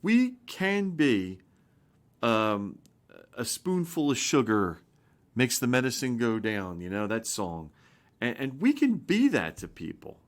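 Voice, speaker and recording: A man in his fifties preaching an informal sermon in a somewhat low voice. He is earnest and rambling, restarting his sentences and pushing up for emphasis. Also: sing-song, measured pace. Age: 50s. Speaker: pastor.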